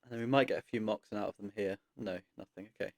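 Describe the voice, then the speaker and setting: A man giving casual gameplay commentary, thinking aloud in a relaxed way with frequent pauses and ums. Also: lowish voice, gravelly, no room sound, clean studio sound. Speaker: card game content creator.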